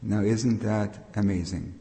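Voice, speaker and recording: A man's voice: lowish voice, steady tone, a little slow, mellow. An older man giving a patient, explanatory Bible teaching sermon as a preacher. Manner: explanatory, patient, with frequent restarts. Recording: long reverb of a hall.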